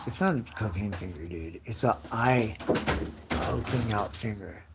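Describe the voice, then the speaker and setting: A man in his late forties ranting in a casual, profane, rambling way, often breaking into loud mimicked voices. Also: lowish voice, unhurried, music in the background. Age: 40s. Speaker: live streamer.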